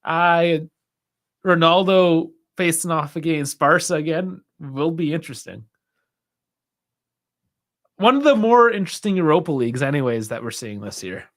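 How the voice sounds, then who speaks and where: A man's voice: on the high side, animated, moderate pace, pauses often, fairly bright tone. A young man hosting a football watch-along stream, chatting casually, reacting aloud with sighs and laughs and talking to his chat. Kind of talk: casual live match commentary.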